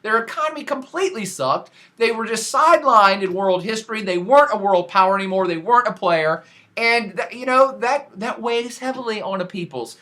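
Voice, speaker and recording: Speaking fairly quickly in a voice that sits high, this professor lectures casually on world affairs for a podcast. His delivery is animated and full of slang, and he's emphatic, frequently starting sentences over.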